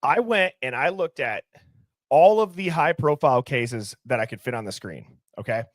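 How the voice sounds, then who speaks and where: A man's voice: mid-range voice, expressive, moderate pace, dry recording, clean studio sound. A young man hosting a livestream, talking casually and animatedly, firing off rhetorical questions. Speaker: livestream host.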